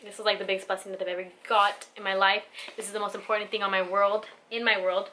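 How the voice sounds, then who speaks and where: A woman's voice: mid-range voice, flat delivery, fast, pushed and bright, a little hiss or hum. A young woman, a vlogger and new mother, talking candidly and from the heart to camera, swearing casually and filling her talk with "like" and "you know". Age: young adult.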